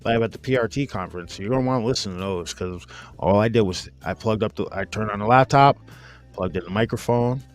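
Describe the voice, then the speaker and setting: Over soft background music, a podcast host in his forties talks a little fast in a fairly low voice. Hosting a casual chat, he tells a rambling, profane story, acting out his friends' lines with a laugh.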